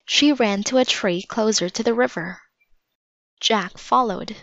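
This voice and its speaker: Woman reading a kids' story, slow and steady, dry dull lo-fi sound. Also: on the high side, no echo. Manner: steady, measured narration. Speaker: storybook reader. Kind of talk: children's book read-aloud. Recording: dull lo-fi recording.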